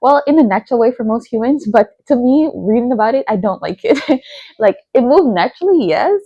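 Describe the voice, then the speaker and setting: A woman's voice: a little high, lively intonation, a little fast, no room sound, lo-fi sound. A young woman talking casually about books she has read, chatty, with lots of fillers like "like" and "you know". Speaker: book vlogger.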